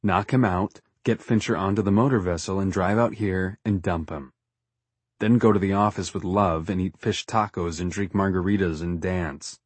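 Reading a story in the first person, this male audiobook narrator has a low, husky voice and a wry delivery. The recording is close-miked and dry, free of room echo.

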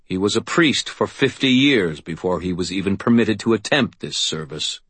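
A man's voice: low voice, animated, normal speed, a bit bright, slightly rough, dry recording, heavily acted. A man voicing an imperious, commanding male vampire king.

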